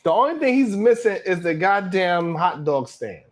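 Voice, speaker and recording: A man's voice: high voice, sing-song, moderate pace. A man hosting a live stream, giving blunt, slangy, opinionated commentary on a clip. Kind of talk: casual reaction commentary.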